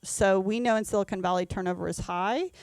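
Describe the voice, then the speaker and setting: A woman's voice: mid-range voice, brisk, a little mellow, dry recording. A woman in her thirties, an HR leader presenting a conference talk with frequent ums and self-corrections. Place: event venue.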